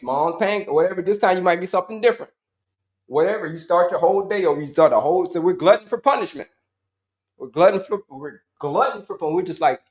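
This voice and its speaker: A middle-aged man, a health coach, teaching viewers in an animated, repetitive way, calling them folks. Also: high-pitched. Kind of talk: live-stream teaching talk. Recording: roomy echoey sound.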